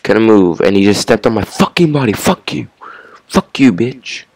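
A man's voice: lowish voice, animated, normal speed, darkish tone. A young man giving casual commentary on his first game session, repeating himself, swearing at enemies and laughing. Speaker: gamer.

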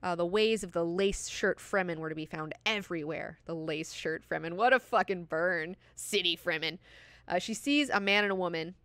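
Woman host, book club reading and chat, low-ish, bright, dry close sound, swears freely. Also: normal speed, clean tone, no echo. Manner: chatty, swears freely, lots of fillers. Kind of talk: reading aloud and casual discussion.

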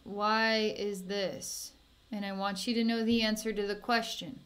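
Slow, soothing woman psychic healer. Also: medium pitch, little pitch movement. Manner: soft, slow and soothing, with sighs and small laughs. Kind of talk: guided energy healing session.

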